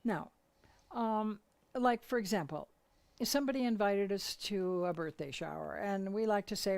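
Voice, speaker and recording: An older woman giving a gentle, unhurried talk as a spiritual teacher, telling anecdotes and acting out the voices of people she quotes. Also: medium pitch, gravelly.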